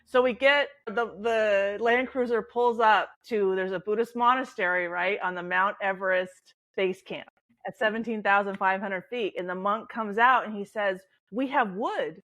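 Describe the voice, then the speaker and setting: A middle-aged woman, a podcast guest and author, telling a travel story with lively acted-out quotes and laughter. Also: medium pitch, normal speed, low-quality recording. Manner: animated, laughing, acts out quotes. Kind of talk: storytelling in conversation.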